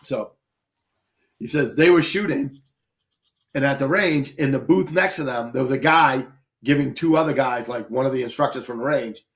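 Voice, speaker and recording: With a medium-pitched voice at normal speed, a man who teaches shooting runs a casual livestream. He tells stories in a blunt, profanity-laced way.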